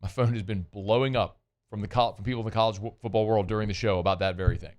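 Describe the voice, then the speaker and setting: A man's voice: lowish voice, steady tone, fast. A man hosting sports talk radio, speaking conversationally and giving his opinions with plenty of fillers and restarts.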